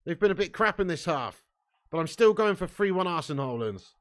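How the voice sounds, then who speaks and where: Man, bright forward voice, casual sweary chat, live football watch-along host, reads chat aloud. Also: sits high, animated, fairly quick. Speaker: fan channel host.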